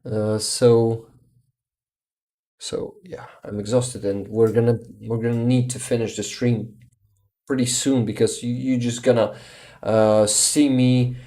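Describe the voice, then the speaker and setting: Man, Ukrainian accent, exhausted, halting restarts, dark low-key voice, unhurried. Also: steady tone. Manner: halting, searches for words, frequent restarts. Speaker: livestream host. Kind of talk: casual livestream chat.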